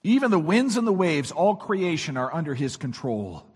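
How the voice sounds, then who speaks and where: A man preaching a sermon, his voice weak this morning, swinging from shouts to near-whispers. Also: fairly high pitch, sing-song, normal speed, husky, long reverb tail. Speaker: pastor.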